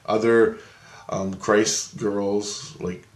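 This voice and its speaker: A man's voice: on the low side, little pitch movement, very slow, reverberant. A man rambling through a personal story in a casual monologue, restarting and repeating himself. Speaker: vlogger.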